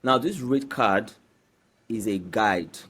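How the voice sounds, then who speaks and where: A man's voice: lowish voice, slow pace, slightly rough. A man, a voiceover artist, explaining his trade in a casual interview. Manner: explanatory, animated.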